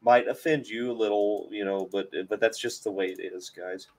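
A man's voice: lowish voice, steady tone, moderate pace, a little mellow. A man hosting a car channel's live stream, chatting casually in a rambling, hesitant, self-deprecating way.

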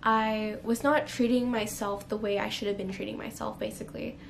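A woman's voice: medium pitch, fairly even intonation, normal speed, gravelly, a little hiss or hum. A young woman telling a candid, emotional personal story to camera, close to tears at times and full of fillers. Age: young adult. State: near tears. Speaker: vlogger. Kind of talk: personal confessional vlog.

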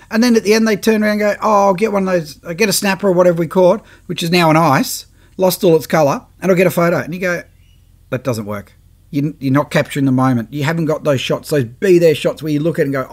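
A middle-aged Australian man talking on a podcast, his voice sitting a little high for a man. He chats away in a loose, animated manner and now and then drops into quick impressions of other people. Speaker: podcast host, fishing photographer. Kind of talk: casual podcast monologue.

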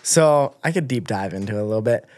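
Animated young man telling stories. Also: fairly low pitch, fast talker, no room sound, studio quality. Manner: animated, lots of filler words, acts out quotes. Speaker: guest snowboarder. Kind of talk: casual storytelling. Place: podcast studio.

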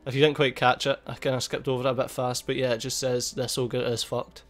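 A man giving casual, excitable gameplay commentary, swearing a lot and laughing at the game. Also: mid-range voice, a little fast. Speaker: gaming YouTuber. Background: faint game music.

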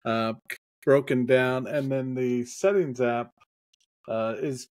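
A man's voice: medium pitch, steady tone, slow pace, darkish tone, no room sound. A man co-hosting a casual tech podcast on a headset, easygoing and hedging his opinions with filler ums. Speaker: podcast co-host.

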